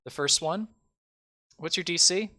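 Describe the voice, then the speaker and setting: Rambling game-master man, bright voice. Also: fairly high pitch, a little slow. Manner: loose, rambling, filler-heavy. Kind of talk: narrating a tabletop game.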